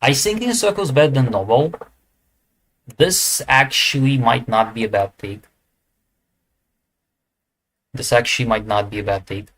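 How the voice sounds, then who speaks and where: A man's voice: medium pitch, normal speed, fairly bright tone. A man giving casual commentary as he ranks esports teams, thinking aloud with hesitant fillers and self-corrections. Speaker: esports tier list creator. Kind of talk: casual commentary while ranking.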